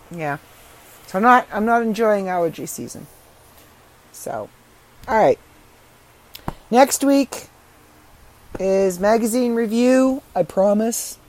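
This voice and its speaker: A middle-aged woman podcaster in casual solo chat, chatty and frank, her voice rough and congested from allergies. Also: mid-range voice, darkish tone, rough recording.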